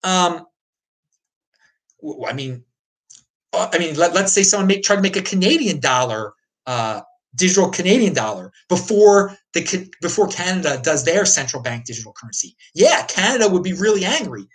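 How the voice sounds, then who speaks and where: A man's voice: high voice, big pitch swings, normal speed, rough recording. A man hosting a livestream, talking off the cuff in an emphatic, ranting way, repeating himself and restarting often. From United States. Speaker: crypto livestream host. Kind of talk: unscripted opinion talk answering viewers.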